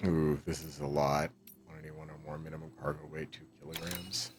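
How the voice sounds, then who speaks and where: A man's voice: rumbling low, little pitch movement, a little fast. A man co-hosting a casual gaming stream, teasing in a dry, sardonic way.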